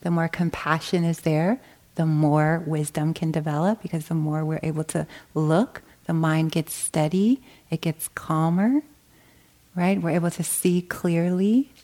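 A woman meditation teacher giving a gentle dharma talk, often checking in with a soft "right?". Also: deep voice, steady tone, measured pace.

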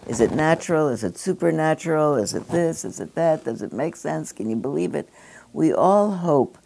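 A woman's voice: deep voice, lively intonation, fairly quick, vocal fry, dark tone. An older woman giving a reflective spoken address to a gathering, rambling and digressive, with conversational asides.

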